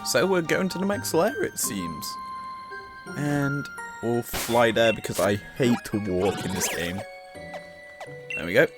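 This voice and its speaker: A man hosts a casual gameplay commentary and reads the game's dialogue aloud as he goes. His voice sits in an ordinary middle pitch. Clear game music plays behind him. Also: animated, a little slow, long pauses. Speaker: gaming channel host.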